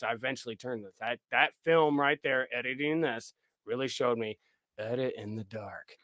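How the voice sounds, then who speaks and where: A film director chatting as a podcast guest, animated and loose with his swearing. He acts out his own reactions in quick bursts. His voice sits mid-range and dry, close to the mic. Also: medium pitch, no echo. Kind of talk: casual podcast chat.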